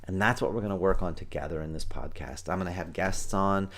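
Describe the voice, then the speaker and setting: A man hosting a parenting podcast as a martial arts teacher, talking fast and excitedly and acting out what kids and parents say. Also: sits low. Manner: fast, excited, acts out kids' and parents' voices. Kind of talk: energetic solo podcast talk.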